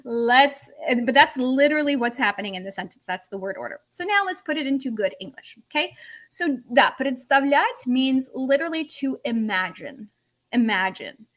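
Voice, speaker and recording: A woman teaching a language lesson on a livestream, animated, switching between languages as she explains. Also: sits high, moderate pace. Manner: animated, switches between English, Russian and Portuguese.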